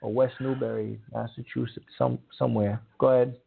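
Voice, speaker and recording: A man's voice: mid-range voice, flat delivery, a little fast, vocal fry, husky. A man hosting a call-in radio show, talking emphatically and repeating himself, scolding callers. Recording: tinny phone-like audio.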